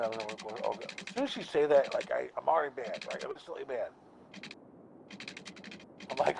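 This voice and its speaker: A gravelly-voiced man chats while he streams a game. He tells stories with plenty of cursing and laughter, and a faint hiss sits under the voice. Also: medium pitch, animated, unhurried, pauses often. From United States. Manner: profane, laughing storyteller. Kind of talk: casual chat while gaming.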